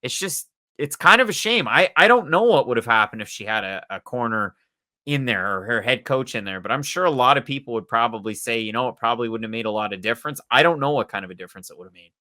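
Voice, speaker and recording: A man co-hosting a casual sports podcast, steering the talk with quick, steady questions and opinions. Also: mid-range voice. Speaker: podcast co-host.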